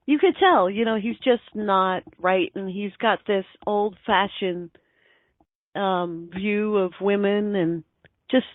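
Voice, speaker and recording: A woman's voice: medium pitch, slow, no room sound. A woman guest on an online radio show, chatting casually and easygoingly, laughing often. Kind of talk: casual chat. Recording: dull lo-fi online radio, dry.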